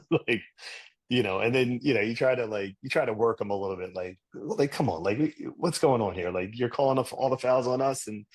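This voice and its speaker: A man, a podcast guest, telling a story haltingly, repeating words and laughing easily. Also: fairly low pitch, no echo. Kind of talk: casual storytelling chat.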